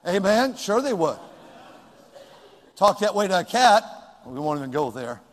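Man, pastor, high voice, lively sermon, loud to hushed, long hall reverb. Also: unhurried. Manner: animated preaching, swings from loud shouts to hushed asides.

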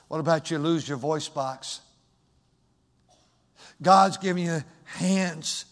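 A man preaching a fiery sermon as pastor, moving from hushed storytelling to shouted exhortation. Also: high-pitched, in a large hall.

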